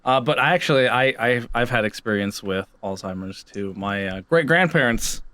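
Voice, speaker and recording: A young man co-hosting a casual podcast, telling stories and acting out relatives in high voices. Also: normal speed. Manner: animated storyteller, mimics relatives in high voices. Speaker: podcast co-host. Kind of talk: casual chat.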